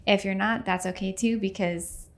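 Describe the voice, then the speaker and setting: Woman podcast host, mid-pitch, upbeat and warm-hearted sign-off delivery. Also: steady tone, normal speed. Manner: upbeat, thankful, wraps up the show. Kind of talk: casual chat.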